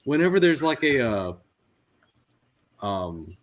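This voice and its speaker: A man's voice: on the high side, very animated, takes it slowly, a crowd in the background. A man in his thirties co-hosting a casual podcast chat, telling stories animatedly and laughing often. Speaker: podcast co-host.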